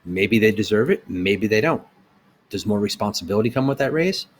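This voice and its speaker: A man's voice: fairly low pitch, expressive, brisk. A middle-aged man who owns a small business, delivering a blunt, heated opinion rant with rhetorical questions.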